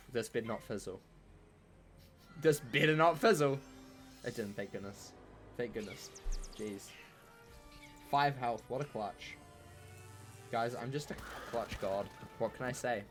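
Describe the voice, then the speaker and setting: A man streaming a game and chatting casually with his viewers in a playful, jokey, rambling way, full of fillers. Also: lowish voice. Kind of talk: casual live-stream chat while gaming.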